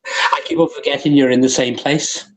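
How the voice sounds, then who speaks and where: A man running a tabletop game as game master, chatting with his players and often pausing with "uh" and restarting his sentences. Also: mid-range voice, fairly even intonation, low-quality recording.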